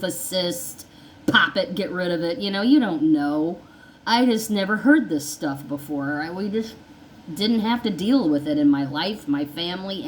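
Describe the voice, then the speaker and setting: Sharing her story as a vlogger, a woman with a lowish voice rambles casually, repeating herself and acting out dialogue. A little hiss or hum runs through the poor-quality audio.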